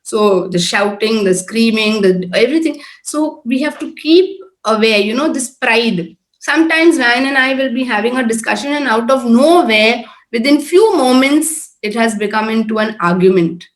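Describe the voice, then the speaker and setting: A woman's voice: on the high side, animated, moderate pace. A middle-aged woman giving an informal talk at a prayer group, earnest and conversational, often checking with "correct?". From Oman-based, Indian. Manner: earnest, conversational, repeats tag questions. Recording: echoey room.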